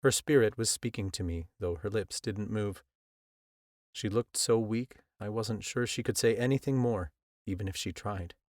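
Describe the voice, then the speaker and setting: A man with a low voice reads a first-person audiobook in a measured, earnest way. The recording is close and very dry, with no room sound at all. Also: a little mellow, no echo. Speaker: audiobook narrator. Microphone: close studio mic.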